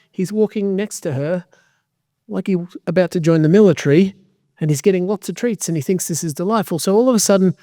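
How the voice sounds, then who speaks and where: A man giving a community talk as a dog trainer, lively and conversational with joking asides. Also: fairly high pitch, dry recording, studio quality.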